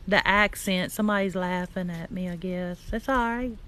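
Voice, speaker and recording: A woman's voice: on the low side, moderate pace, fairly bright tone, clear, resonant tone. Chatty older woman reading comments. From Louisiana. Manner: chatty, folksy, reads viewer greetings aloud. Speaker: live-stream host reading comments. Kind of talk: casual live-stream chat.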